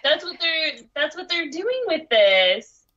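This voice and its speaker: A woman co-hosting a podcast in casual chat, joking loudly with frequent "like" fillers. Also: high voice, sing-song, slow. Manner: loud joking reactions, lots of "like". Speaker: co-host. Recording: dull lo-fi audio.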